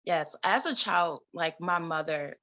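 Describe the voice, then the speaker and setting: Woman guest talking emphatic and repetitive, lowish gravelly voice, kinda muffled lo-fi sound. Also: a little slow, pushed and bright. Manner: repetitive, emphatic, laughs often. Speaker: guest, trauma recovery coach and community founder. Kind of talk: conversational interview.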